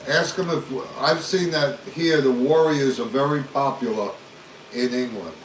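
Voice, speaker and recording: A man's voice: medium pitch, a little slow, reverberant, slight background noise, poor audio. Man chiming in from across a room. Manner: joking interjections. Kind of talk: casual chat in the background.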